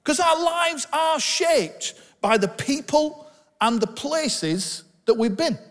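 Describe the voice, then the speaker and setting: Preaching in a large hall, this man from Bolton, England, has an extremely high-pitched voice with lively intonation and a slow, unhurried delivery. The pastor's northern accent carries a candid, conversational sermon sprinkled with self-deprecating anecdotes.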